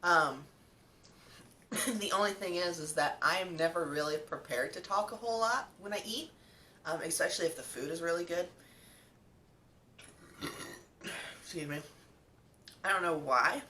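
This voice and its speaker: A woman's voice: fairly low pitch, animated, normal speed, bright, forceful tone, far from the mic, a little hiss or hum. A young woman vlogger chatting casually while she eats, telling a story with lots of ums and likes. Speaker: mukbang vlogger.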